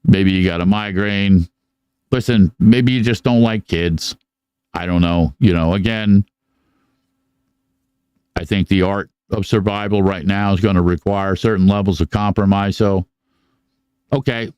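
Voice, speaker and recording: A middle-aged man hosting a live podcast, swearing freely as he rambles through stories. His voice sits low and smooth. It is close-miked and dry, with no room sound. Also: fairly even intonation, a little slow, pauses often, darkish tone, no echo, muffled recording. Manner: profane, rambling storytelling. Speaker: podcast co-host. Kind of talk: casual live podcast monologue.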